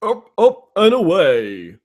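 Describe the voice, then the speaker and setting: An earnest male superhero booms out his lines in a voice pushed well below its natural register, as a woman puts him on. Her throat sounds tired and strained. It is pure comic podcast play. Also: wildly swooping pitch, slow pace, darkish tone, exaggerated voice. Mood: heroic. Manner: booming heroic lines. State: strained, worn-out voice. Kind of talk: comedic podcast sketch.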